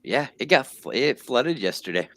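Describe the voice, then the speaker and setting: A man's voice: mid-range voice, big pitch swings, moderate pace, a bit bright. A man co-hosting a podcast, telling stories in casual conversation. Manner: storytelling, conversational. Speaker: podcast co-host. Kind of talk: casual chat.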